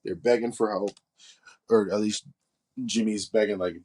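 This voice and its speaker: A man's voice: lowish voice, normal speed, long pauses, slightly rough. A man co-hosting a podcast, chatting casually and rambling as he picks apart wrestling matches. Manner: relaxed, rambling, nitpicky. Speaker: podcast co-host. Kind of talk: casual wrestling review chat.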